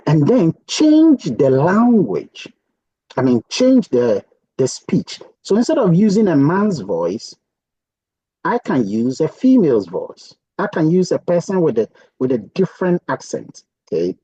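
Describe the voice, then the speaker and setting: A man with a slightly husky voice explains software step by step in a casual, chatty way, often pausing with "okay". His pitch moves up and down a lot as he talks. The sound is dry and close. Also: wildly swooping pitch, no room sound, highs cut off. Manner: chatty, thinking aloud with many "okay"s. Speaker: software tutorial presenter. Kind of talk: casual screen-share tutorial.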